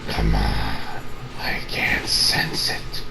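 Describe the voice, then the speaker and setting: A man voicing Goku as a deep, gruff, brooding man who mutters in a half-whisper while straining to sense an energy. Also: monotone, very slow, noisy background, heavily acted.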